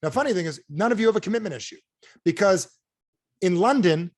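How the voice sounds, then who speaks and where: A man speaking to a group on a video call like a motivational coach. His delivery is rapid and relentless, with a fairly high voice. The sound is close and dry, with no room echo. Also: expressive. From United States. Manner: punchy, repetitive rhetorical questions. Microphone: close mic on a video call.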